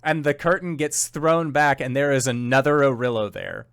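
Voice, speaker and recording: A male game master narrates the scene in a loose, rambling way and fills it with "like." His pitch swings widely as he talks. The sound is close and dry. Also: big pitch swings, moderate pace, fairly bright tone, smooth, no room sound. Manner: rambling, lots of filler.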